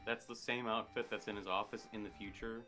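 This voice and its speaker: A man co-streaming a game, teasing his partner in an excitable casual chat. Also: fairly low pitch, brisk, faint music behind.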